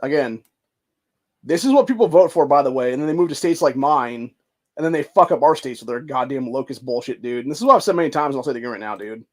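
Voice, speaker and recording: A man's voice: medium pitch, lively intonation, quick pace. A man from Ohio hosting a podcast, ranting heatedly and swearing constantly while reading news and comments aloud. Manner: profane, heated, swears constantly and says dude. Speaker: podcast host.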